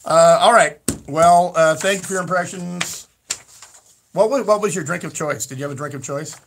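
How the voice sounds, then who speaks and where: High-voiced animated male radio host. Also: moderate pace, slight background noise. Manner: animated, rambling, stammers and repeats words. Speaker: radio talk show host. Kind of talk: casual radio talk.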